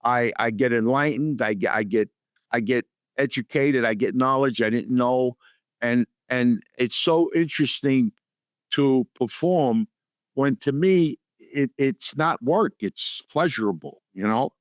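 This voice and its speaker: An older man, an actor guest on an interview show, telling lively anecdotes and acting out the dialogue in them. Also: mid-range voice, a little slow, no echo. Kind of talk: storytelling interview.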